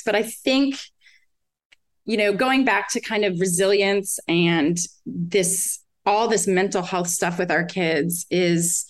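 Woman, 40s, podcast guest; candid, lively, laughs easily, mid-pitched voice. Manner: candid, animated, laughs often, quotes herself and her kids. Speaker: guest, parent of several children. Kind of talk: conversational podcast interview.

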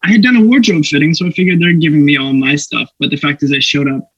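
A man's voice: fairly high pitch, fairly even intonation, fast, fairly bright tone, slightly rough, dry recording, highs cut off. A young man from Canada, an actor guest, telling anecdotes animatedly with laughs and put-on voices. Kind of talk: casual storytelling interview.

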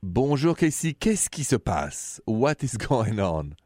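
A man's voice: mid-range voice, sing-song, slow pace, a little mellow, dry recording, studio quality. French-accented man hosting a call-in show. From France. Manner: friendly, chatty, self-deprecating about his accent. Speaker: radio advice show host. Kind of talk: call-in advice talk.

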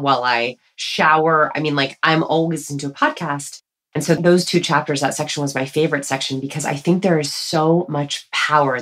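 A woman author, a podcast guest, talking casually and energetically, explaining her ideas in a playful way. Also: deep voice. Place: standing while recording.

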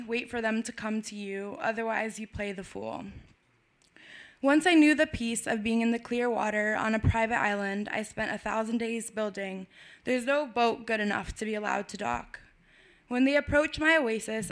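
A woman with a slightly high voice reads her spoken-word poem at an open mic. Her delivery is frank and wry, taking its time over each image. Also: a bit bright. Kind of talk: spoken-word poetry reading.

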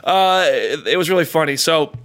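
A man hosting a casual chat, telling stories with lively acted-out quotes. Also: a little high, moderate pace. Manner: animated storyteller, acts out quotes.

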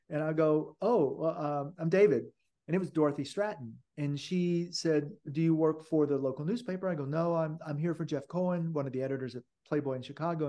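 A man's voice: on the high side, a little mellow. Rambling older man telling stories. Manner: rambling, many restarts and fillers. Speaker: podcast guest, photographer. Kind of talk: casual interview storytelling.

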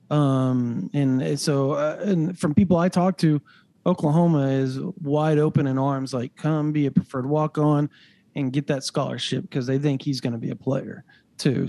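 A young man co-hosting a casual sports podcast, rambling with lots of fillers and getting animated when excited. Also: mid-range voice, dry recording. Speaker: recruiting analyst co-host.

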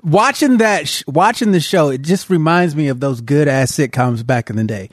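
A man co-hosting a podcast, chatting enthusiastically in relaxed slang. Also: a little high, normal speed, no echo, studio quality. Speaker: podcast co-host. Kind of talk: casual chat.

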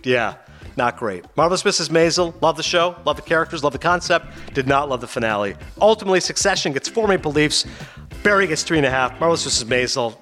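A man hosting a podcast, rapidly and animatedly retelling a TV finale in a casual chat. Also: mid-range voice, fairly bright tone. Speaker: podcast host. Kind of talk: casual TV recap.

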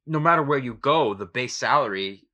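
A man's voice: medium pitch, animated, normal speed, pushed and bright. A man co-hosting a sports podcast, giving opinionated, emphatic casual talk with some swearing. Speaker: podcast co-host.

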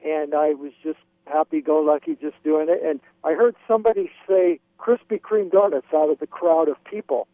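A man from Wyoming rings a radio show and eagerly recounts a trip, voicing the quotes himself over a tinny phone connection. He sounds on the high side, with fairly even intonation, a moderate pace, hardly any pauses and no echo.

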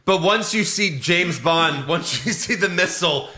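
Guy ranting about a movie, swears a lot, voice shoots up high when he's mad, bright tone. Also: animated, unhurried. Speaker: podcast co-host. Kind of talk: casual movie review chat.

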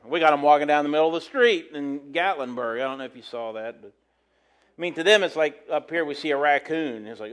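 A man's voice: a little high, brisk. A middle-aged man, a pastor, telling a rambling story from the pulpit with many fillers and restarts. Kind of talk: casual sermon storytelling.

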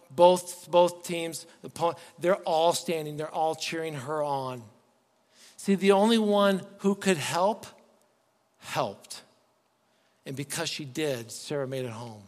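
A man preaching a sermon as pastor, earnest and pleading, often restarting his words. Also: fairly high pitch. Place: church sanctuary. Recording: long reverb, faint music behind.

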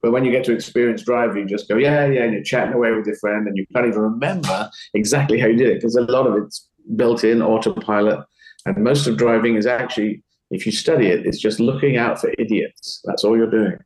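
A man in casual conversation with a slightly low voice. He rambles cheerfully and slips into acted voices for quotes. The sound is a bit roomy and echoey. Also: fairly even intonation, a little fast, a little mellow. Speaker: comedian guest. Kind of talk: casual interview talk.

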